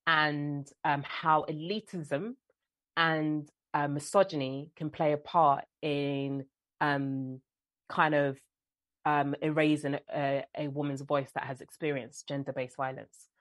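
Woman, London accent, young adult, animated interview guest, fairly low voice, dry close sound. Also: slow, dry recording. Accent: London English. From London, England. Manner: animated storyteller, mimics other people. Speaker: guest actress and filmmaker. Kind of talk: conversational interview.

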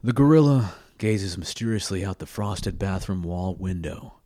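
A man reading a graphic novel aloud, narrating in a measured, dramatic way with small slips. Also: low voice, animated, warm tone, a little hiss or hum. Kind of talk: storybook reading.

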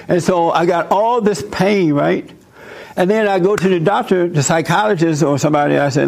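Animated older man preaching. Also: on the high side, brisk, creaky. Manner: animated storytelling, acting out voices. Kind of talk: sermon with role-play demonstration.

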